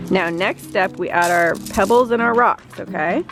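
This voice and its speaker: A woman's voice: medium pitch, moderate pace, few pauses. Upbeat chatty woman vlogger, light music behind. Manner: chatty and upbeat, laughs easily. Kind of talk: casual vlog chat.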